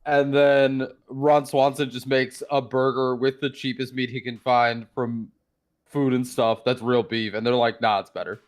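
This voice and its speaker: A man's voice: mid-range voice, level tone, unhurried. Chill guy co-hosting, rambly, keeps losing his train of thought. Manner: rambling, loose, trails off. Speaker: podcast co-host. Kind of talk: casual chat.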